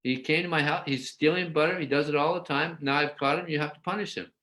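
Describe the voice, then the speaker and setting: A man voicing an indignant elderly village woman, telling off a boy in a high, shrill voice in a scripture story. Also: quick pace, close to an everyday voice. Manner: shrill, excited scolding.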